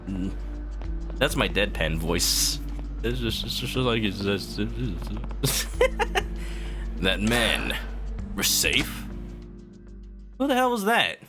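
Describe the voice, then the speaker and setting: A man commenting on a video game during a live stream, animated and quick to laugh. His voice sits low but swings widely in pitch. Game music plays loudly behind him.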